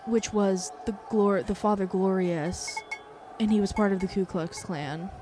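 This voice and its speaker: A woman doing casual let's-play commentary, chatty and thinking out loud as she reacts. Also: medium pitch, measured pace, noisy background. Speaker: YouTuber playing a story game.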